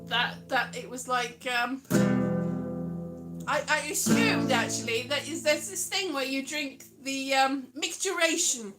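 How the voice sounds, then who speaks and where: A woman's voice: high-pitched, unhurried, over loud music. A British woman hosting a casual live stream, chatting playfully and drifting into sing-song. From United Kingdom.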